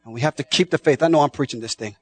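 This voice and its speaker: Husky, impassioned male preacher. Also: fairly high pitch, very fast. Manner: impassioned, swings from shouting to hushed; repeats words and phrases. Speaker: pastor. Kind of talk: sermon.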